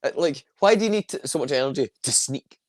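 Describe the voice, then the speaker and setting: A man co-hosting a wrestling chat show, dry and deadpan in his delivery. His pitch swings widely while his humor stays understated. The sound is close and dry, with no room around it. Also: fast, no room sound. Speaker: co-host. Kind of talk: casual comedic chat.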